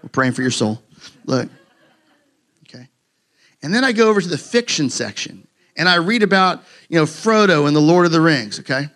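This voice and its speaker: A man's voice: fairly high pitch, expressive, normal speed, long pauses, fairly bright tone. A man preaching a sermon to his congregation in a casual, joking, conversational way, with many fillers and restarts. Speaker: pastor. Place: church sanctuary with a congregation.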